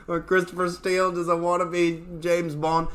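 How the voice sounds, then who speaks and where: Young male comic host, higher-pitched and sharp, swears freely, mocking rant delivery. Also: completely flat delivery, moderate pace, a little hiss or hum. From Oklahoma, USA. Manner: profane, sarcastic ranting, reads chat aloud. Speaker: comedian host. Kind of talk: political rant livestream.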